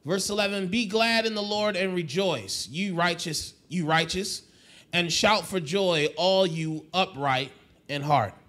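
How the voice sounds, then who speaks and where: A male pastor with a high-pitched voice preaches a sermon at an unhurried pace. He repeats and restarts phrases, calls on the congregation to answer back, and swings from soft to loud exhortation.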